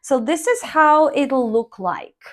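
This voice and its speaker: Woman, teacher, slow deliberate delivery, fairly high voice. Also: expressive. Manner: slow, deliberate, models intonation by reading sentences aloud. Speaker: English speaking teacher. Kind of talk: online language lesson.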